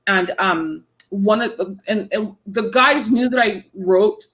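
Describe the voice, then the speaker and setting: A woman's voice: mid-range voice, slow pace, poor audio. Woman in her 30s chatting in an interview, storyteller, does everyone's voices, talks loose and casual. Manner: animated storyteller, acts out quoted voices. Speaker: horror author guest.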